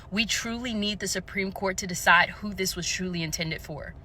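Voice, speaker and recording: Woman lecturing hard on a political topic, bright ringing voice, firm and emphatic. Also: mid-range voice, slight background noise. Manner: assertive, emphatic lecturing delivery. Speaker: commentator. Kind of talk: opinion commentary to camera.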